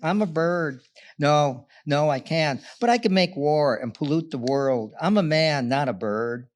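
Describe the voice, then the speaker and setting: A man voicing a loud, boastful male cockatoo in a spoken poem, arguing and shouting. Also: a little high, measured pace, lightly acted. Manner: shouting, argumentative.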